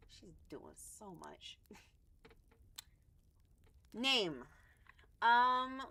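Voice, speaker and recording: A woman casually chats through a dating game stream, drifting off topic and scolding her cat. Her bright voice is full of pitch swings, and her pace is unhurried. Faint music plays underneath. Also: sing-song. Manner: chatty, easily sidetracked, scolds her cat. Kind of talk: casual gaming stream commentary.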